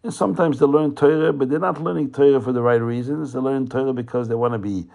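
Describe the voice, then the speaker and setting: A man voicing a sly, falsely pious male sect leader in a told story, welcoming in a high, sugary tone and boasting with smug confidence. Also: fast talker, creaky, a little mellow, dull audio, lightly acted.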